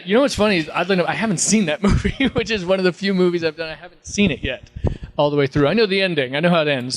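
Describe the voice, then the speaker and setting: With a fairly high voice and a little hiss or hum in the audio, a Texan man guests on a fan convention panel. During the casual Q&A he spins rambling, humorous anecdotes, dropping into impressions and laughs.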